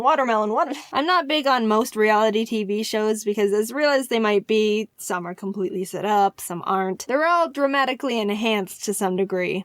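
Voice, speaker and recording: Young woman, comedic storyteller, self-deprecating, slightly high pitch, dry close sound. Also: dry recording. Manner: chatty, self-deprecating, bursts of excitement. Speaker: animation storyteller. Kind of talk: casual comedic commentary.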